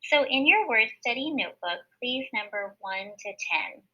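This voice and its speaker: Woman teacher doing a kids word study lesson, highish voice, sounds out syllables nice and slow, kinda muffled recording. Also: lively intonation, pushed and bright. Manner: patient, sounds out syllables slowly and clearly.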